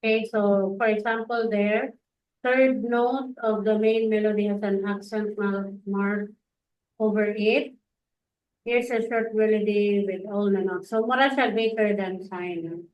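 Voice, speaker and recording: A woman's voice: medium pitch, steady tone, measured pace. A woman teaching music notes, casual and chatty, mixing languages and adding tag questions. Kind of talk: casual lesson, code-switching. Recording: echoey room, dull lo-fi sound.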